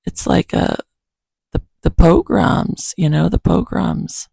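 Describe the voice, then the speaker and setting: A man with a hoarse morning voice reads Bible verses slowly and earnestly, then reflects on them and prays. His raised, gravelly voice sounds husky, and the sound is close and dry. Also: a little high, dark tone, no room sound. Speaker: host reading scripture to his cat. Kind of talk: casual Bible reading, reflection and prayer.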